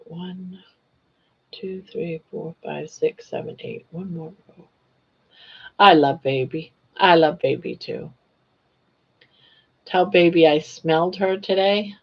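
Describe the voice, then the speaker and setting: A woman's voice: lowish voice, takes it slowly, pauses often, husky, dull audio. An older woman hosting a casual crochet live stream, chatting, teasing viewers and counting stitches aloud.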